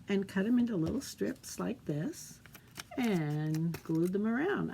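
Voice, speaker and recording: A woman leading a children's storytime as librarian, gently explaining a craft and reading a picture book aloud. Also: mid-range voice, creaky, slight background noise. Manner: gentle, encouraging, talks to kids.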